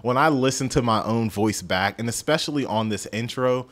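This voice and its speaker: A man with a mid-range, fairly bright voice hosts a podcast, talking casually through a music review at a moderate pace. He rambles, pokes fun at himself, and stumbles over his words in this solo review chat.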